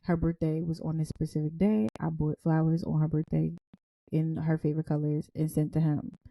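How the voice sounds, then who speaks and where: A young woman co-hosting a casual podcast, an animated and self-described dramatic storyteller. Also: low-pitched, normal speed, vocal fry, dry recording. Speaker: podcast co-host.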